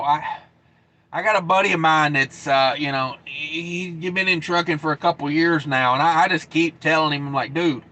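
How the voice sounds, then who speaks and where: A trucking channel host in his thirties chats casually on a live stream and reads out comments, using a laid-back drawl and lots of fillers. His pitch is fairly high and his voice sounds pushed and bright.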